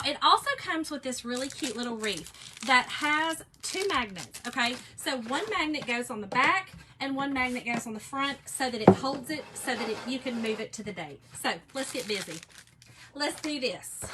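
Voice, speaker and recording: A woman's voice: sits high, animated, moderate pace, background noise. A woman, chatting casually as she hosts a live craft demo and answers viewer comments. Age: 40s. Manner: chatty, reads out viewer comments, laughs often. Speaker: craft live stream host.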